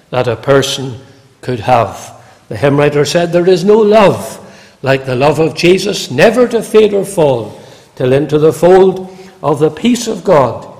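A man delivers a sermon at an unhurried, deliberate pace, his slightly high voice swinging widely as he quotes scripture with emphasis. His words ring out in a church hall with a long, lingering reverb. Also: a little mellow. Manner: slow, measured preaching with emphatic quoted scripture. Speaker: preacher.

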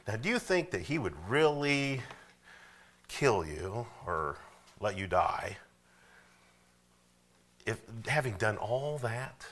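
A man's voice: lowish voice, very animated, slow, long pauses, a bit bright. A man preaching a sermon in a conversational way, with frequent asides and calls for the congregation to recite verses with him. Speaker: pastor.

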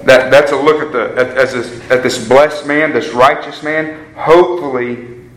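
A man's voice: mid-range voice, fairly even intonation, a little slow. A man preaching a sermon to a live group in an earnest way, repeating phrases for emphasis and calling his listeners guys. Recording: echoey room with faint ambience.

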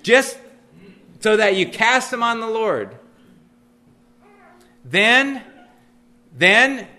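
Guy teaching sunday school, high bright voice, chatty animated sermon. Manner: conversational, animated teaching with asides. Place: church classroom.

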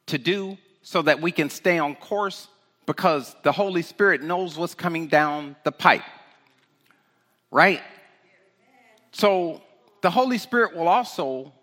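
A man preaching a loose, conversational sermon with a high, lively voice that swings all over. His tone is bright and emphatic, and he keeps tossing rhetorical questions to the room. Long reverb trails behind every phrase, as in a large hall. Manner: animated, emphatic, rhetorical "right?" asides. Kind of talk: informal sermon.

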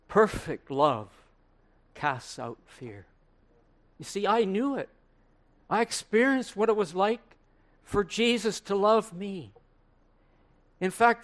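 Slow, fairly high, and marked by long dramatic pauses and rising emphasis, this man's voice belongs to a preacher in character as an elderly apostle. Speaking earnestly to listeners in a room, he recalls the crucifixion he saw, sermon-style and in the first person.

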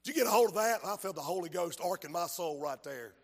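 A man preaching a fervent revival sermon, shouting his points and reading scripture aloud in a church. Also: sits high, expressive, quick pace, hardly any pauses, breathy edge. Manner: reads King James scripture aloud. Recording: long hall reverb.

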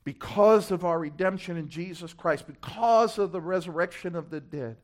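A man preaching a sermon, dropping to hushed asides and swelling to loud, emphatic climaxes, repeating key phrases and stumbling over words as he builds. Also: high voice, normal speed, few pauses. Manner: stammers and restarts when building to a point.

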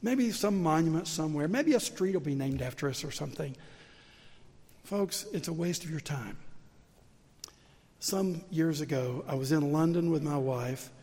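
An older Southern pastor preaches in a slightly high voice, his words ringing out with the long reverb of a big church sanctuary. He tells stories in an easy, conversational way, then builds to emphatic, rising peaks. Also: moderate pace, darkish tone. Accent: Southern American. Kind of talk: sermon.

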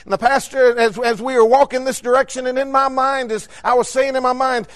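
A man's voice: extremely high pitch, fast talker, few pauses. A man preaching a sermon, telling a street-preaching story in a rising, emphatic storytelling cadence.

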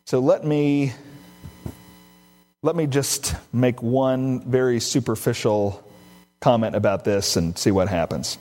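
A middle-aged male pastor delivers a sermon in a mid-pitched voice. He tells stories, acting out the quoted dialogue and shifting between quick and slow phrasing. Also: a little mellow. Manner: storytelling, acts out quoted dialogue, varied pace.

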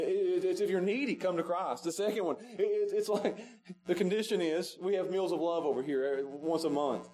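A male pastor preaching a sermon in a church sanctuary, repeating his pleas with passion and swinging from loud pleading to hushed. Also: on the high side, rough recording.

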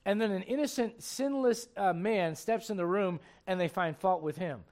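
A man preaching a sermon, chatty and repetitive with asides to the listeners, swinging from hushed tender passages to loud shouting bursts. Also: sits high, normal speed. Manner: repeats words, folksy asides to the congregation.

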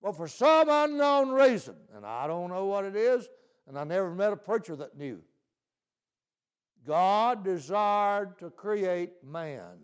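A man's voice: high voice, animated, slow, smooth. A male preacher delivering a folksy sermon, often asking "See?".

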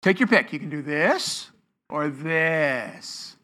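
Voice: medium pitch, animated, slow, pushed and bright. A pastor teaching a sermon to a congregation, asking rhetorical questions and answering them, stretching key words for emphasis. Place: church before a congregation.

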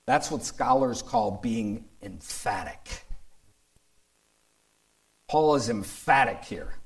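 A male pastor delivers a sermon in an emphatic way. His voice sits at an ordinary middle pitch. He keeps coming back to the same points and reads passages aloud as he goes. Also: lively intonation, takes it slowly, long pauses, low-quality recording.

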